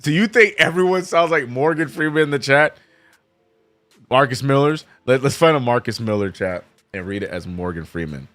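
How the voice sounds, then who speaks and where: A man hosting a casual live watch-along stream, reading viewer chat aloud and reacting with sudden high exclamations. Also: lively intonation, moderate pace, fairly bright tone. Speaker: streamer host.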